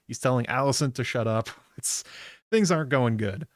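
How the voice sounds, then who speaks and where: A man's voice: medium pitch, moderate pace, dry recording, clean studio sound. A man hosting a podcast, recapping a TV episode in a rambling, casual way with lots of filler words. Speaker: podcast host.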